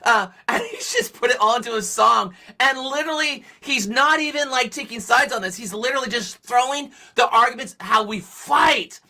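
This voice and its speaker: Bright-voiced excitable woman streamer. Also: a little high, normal speed, few pauses. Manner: excitable and gushing, calls people dude. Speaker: live stream host. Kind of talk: live reaction stream chat.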